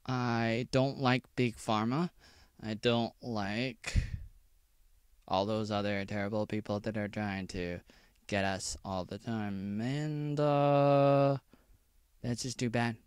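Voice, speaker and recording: A man talking on his own in a rambling vlog, sliding from loud bursts to low muttering. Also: steady tone, slow, smooth, no room sound. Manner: rambling, jumps between mocking squeals and low muttering. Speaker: vlogger.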